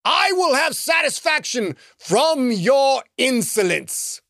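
A man voicing a vengeful robed sorcerer who shouts grand threats. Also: very high voice, big pitch swings, slow pace, no echo, studio quality, voice pushed up, full character voice. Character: fat robed male sky sorcerer, vengeful, booming.

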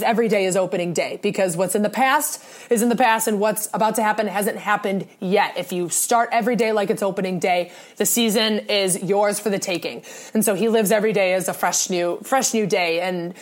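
A young woman talking earnestly in a casual monologue, often restarting her sentences. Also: mid-range voice. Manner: earnest, rambling with many restarts.

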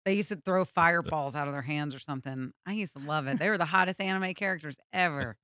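Female co-host, animated and gossipy; bright, smooth voice, dry close mic. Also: deep voice, quick pace, no echo. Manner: animated, gossipy, laughs often. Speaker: radio show co-host. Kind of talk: casual comedic banter.

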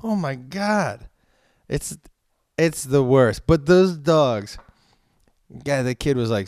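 A man's voice: mid-range voice, unhurried, clear, resonant tone, no echo. Profane man ranting in a dry room. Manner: profane, animated storytelling rants. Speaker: comedian. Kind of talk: casual chat.

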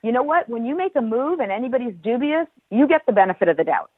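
A middle-aged woman, a former football team executive, speaking as a podcast guest in a measured, emphatic way with precise wording. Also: fairly high pitch, lively intonation, husky, dry recording. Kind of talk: podcast conversation. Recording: tinny phone-like line.

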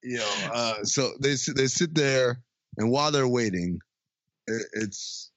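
A man in casual chat, retelling a movie scene by scene, acting out the lines in quick funny voices and laughing often. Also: medium pitch, fairly bright tone, no echo. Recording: dry, dull lo-fi sound.

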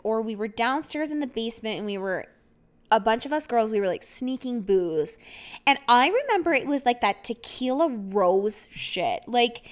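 A woman with a slightly high voice talks casually on her podcast. She rambles through a personal story, full of fillers and quick laughs. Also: smooth. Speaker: podcast host.

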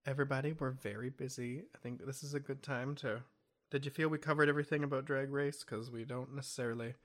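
A man's voice: medium pitch, fairly even intonation, fast. A man co-hosting a podcast in casual chat, jokey and talkative. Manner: chatty, jokey, wraps up. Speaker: podcast co-host.

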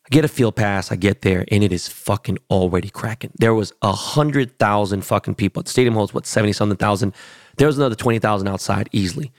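A man's voice: lowish voice, quick pace, dry recording, clean studio sound. A man hosting a podcast, telling a boastful, profane story in casual chat. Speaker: podcast host.

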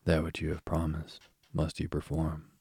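A man voicing a stern old king and father in a measured storybook reading. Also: very deep voice, monotone, a little mellow, breathy edge, dry recording, heavily acted.

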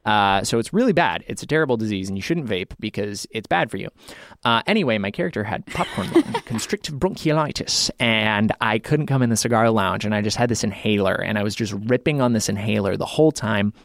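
A man's voice: on the low side, lively intonation, brisk, dry recording. A man hosting a podcast in a casual chat, rambling and self-deprecating, with lots of filler words, on a studio mic. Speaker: podcast host.

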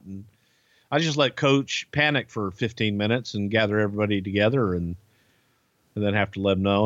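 A man's voice: mid-range voice, moderate pace, a bit bright, no room sound. Man telling a profane anecdote, dull dry audio. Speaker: podcast storyteller. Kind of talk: casual storytelling.

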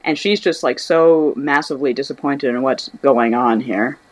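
A woman's voice: very deep voice, normal speed. A woman co-hosting a casual podcast chat, rambling with many fillers. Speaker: podcast co-host.

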